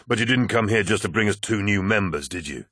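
A man's voice: lowish voice, lively intonation, brisk, fairly bright tone, slightly rough, dry recording, studio quality. A man voicing a blunt, skeptical warrior captain. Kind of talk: audiobook character reading.

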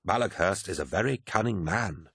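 A genial old orator, voiced by a male narrator, measured and persuasive as he argues his case. The voice is deep, with a dry, close studio sound. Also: animated, fairly bright tone, slightly rough, dry recording, full character voice. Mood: reasoning. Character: old man iterator, genial and reasoning.

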